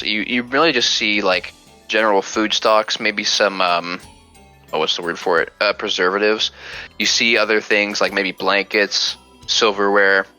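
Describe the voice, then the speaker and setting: A man narrating as game master in a tabletop game, halting and restarting often. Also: lowish voice, pushed and bright, rough recording.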